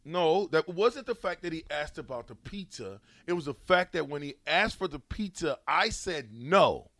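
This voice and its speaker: A man's voice: a little high, animated, normal speed, fairly bright tone, no room sound. A man co-hosting a sports talk show, arguing emphatically and teasing his co-hosts in casual studio banter.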